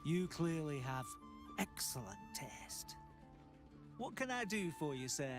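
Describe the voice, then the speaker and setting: An actor playing a refined, vain male shopkeeper in a video game, smooth and flattering, with game music behind. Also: a little high, slow pace. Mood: suave.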